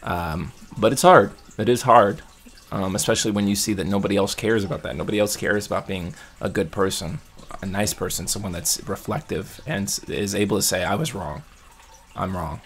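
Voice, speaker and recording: A man with a fairly low voice talks through a casual vlog check-in. He vents in a rambling, heated way, often starting a sentence over before finishing it. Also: fairly even intonation, brisk, husky. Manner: rambling, heated venting with restarts. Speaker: vlogger.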